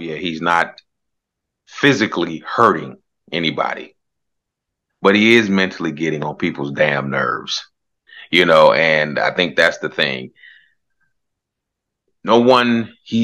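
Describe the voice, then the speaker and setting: A man's voice: low-pitched, sharp tone. A man co-hosting a comedy podcast, talking bluntly in casual chat and slipping into mocking impressions. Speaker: podcast co-host.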